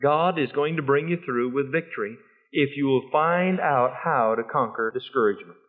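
A man's voice: medium pitch, moderate pace. A man preaching a sermon in a folksy way, quizzing his congregation and quoting scripture in old wording. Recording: tinny lo-fi phone-like sound.

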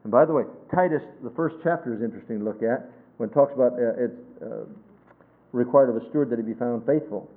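A man preaching a sermon, emphatic, swinging between loud stresses and hushed phrases and quoting scripture in a measured cadence. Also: mid-range voice. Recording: tinny phone-like sermon recording.

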